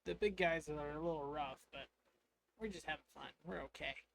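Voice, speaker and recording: A man voicing a small boy in a tabletop tale, soft-spoken and unbothered, with brief replies. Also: a little high, normal speed, gravelly, a little hiss or hum, poor audio. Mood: easygoing. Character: small boy who shrugs off rough play.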